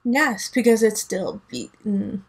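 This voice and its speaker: A woman's voice: mid-range voice, slow pace, creaky, breathy edge, low-quality recording. A woman giving a casual tarot reading, emphatic and teasing, laughing often, with a son at home. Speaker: tarot reader.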